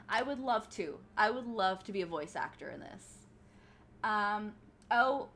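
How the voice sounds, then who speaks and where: A woman's voice: fairly high pitch, very animated, slow, pauses often, a bit bright, slight background noise. Chatty woman streaming a game. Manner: chatty, answers chat, rambles with many fillers. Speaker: streamer and actor. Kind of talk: casual live-stream chat while gaming.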